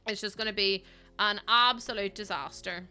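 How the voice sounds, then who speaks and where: A young Northern Irish woman chats easily with her viewers as she builds, her voice bright and forward. Her pitch sits at an average height, and soft game music plays faintly behind her. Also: normal speed, clear, resonant tone. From Northern Ireland. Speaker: game streamer. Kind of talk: casual livestream chat.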